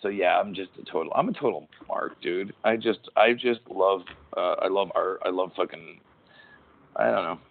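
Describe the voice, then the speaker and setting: A man's voice: deep voice, normal speed, creaky. A middle-aged man, a former pro wrestler hosting a podcast, talking in a rambling, profane, casual way and restarting his sentences. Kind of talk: casual chat. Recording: tinny phone-like audio.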